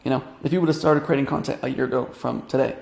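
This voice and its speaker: A man's voice: medium pitch, steady tone, quick pace, vocal fry, darkish tone, reverberant. A young man coaching online business, talking through a casual screen-share tutorial in a rambling way, with many fillers and restarts.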